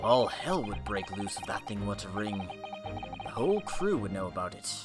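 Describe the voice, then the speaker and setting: A calm, dry young scholar, voiced by a man reading a game, low-key and sardonic in every line. His speech stays quiet and understated, with game music behind. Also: normal speed. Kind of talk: voicing game dialogue.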